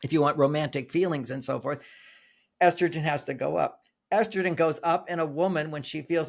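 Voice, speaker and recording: Older man, interview guest, gravelly, fairly high voice, anecdotal, repeats phrases. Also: a little fast. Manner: storytelling, repeats and restarts phrases. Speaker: relationship author, guest.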